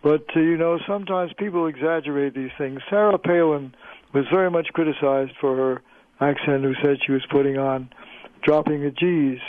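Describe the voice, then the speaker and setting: An older man, a linguistics professor, speaks as a radio guest in a measured, explanatory way. His voice comes through a tinny phone line and sits a little high. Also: dry recording. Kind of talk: radio interview.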